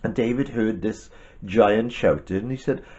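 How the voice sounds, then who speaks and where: A man with a lower voice tells a Bible story to a child, gentle and animated with chatty asides. The recording is dull and lo-fi. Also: measured pace.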